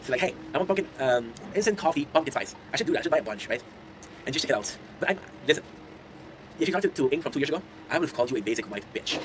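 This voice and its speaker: A man's voice: medium pitch, animated, rapid-fire, a bit bright, slight background noise, rough recording. A man in his twenties, a content creator, chatting casually to his viewers and telling rambling stories, laughing often. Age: 20s. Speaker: content creator streaming to chat.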